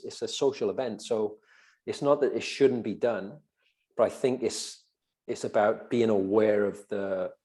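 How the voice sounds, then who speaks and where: A man's voice: on the low side, warm tone. A Welsh man co-hosting a podcast, chatting loosely with lots of fillers. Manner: rambling, frequent "do you know what I mean". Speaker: podcast co-host. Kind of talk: casual podcast chat.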